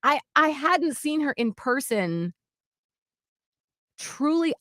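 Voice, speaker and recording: A woman's voice: high-pitched, very animated, takes it slowly, pushed and bright, no room sound, studio quality. Earnest woman telling a heartfelt story. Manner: earnest, heartfelt, lots of "like" and restarts. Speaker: podcast co-host. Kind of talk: casual storytelling chat.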